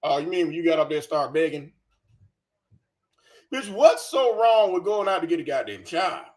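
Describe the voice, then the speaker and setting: A man's voice: a little high, animated, normal speed. A man hosting a reaction commentary, profane, scornful and sarcastic. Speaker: commentary channel host.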